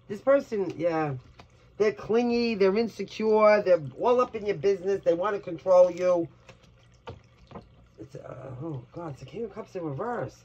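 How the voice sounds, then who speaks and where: Blunt New York tarot reader woman. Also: medium pitch. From Brooklyn, New York. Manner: blunt, crude and chatty, with laughing asides. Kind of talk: collective tarot reading to camera. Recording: dull lo-fi audio with faint hiss.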